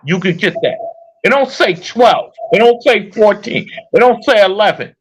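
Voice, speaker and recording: A man's voice: high-pitched, lively intonation, moderate pace, slight background noise. A man giving heated, profane casual commentary while reacting to a video, repeatedly incredulous. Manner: heated, incredulous, swears a lot.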